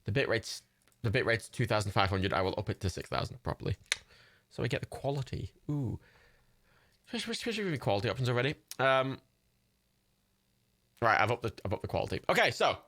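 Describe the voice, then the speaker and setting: Lively young English man streaming. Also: mid-range voice, fast, pauses often, dry recording, studio quality. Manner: rambling, self-mocking, jokey. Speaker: livestreamer. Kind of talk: casual gameplay commentary.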